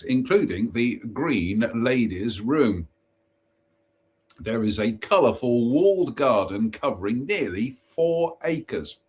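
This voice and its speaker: A man reads ghost stories aloud on a live stream in a slow, unhurried way. His voice is husky and a little rough. Between passages he makes chatty, self-mocking asides and trips over the odd place name. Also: on the low side. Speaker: host.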